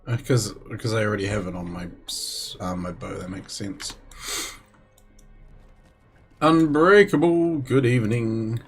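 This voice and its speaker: A man's voice: lowish voice, fairly even intonation, normal speed, vocal fry, hardly any pauses, faint music behind. A man streaming a game live, chatting casually with viewers between moves and chuckling now and then. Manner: chatty, chuckles, talks to viewers while playing.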